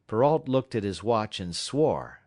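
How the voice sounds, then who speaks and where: A man reading a novel aloud as an audiobook narrator, measured and dramatic, dropping low at tense moments. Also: very animated, darkish tone, no echo, clean studio sound.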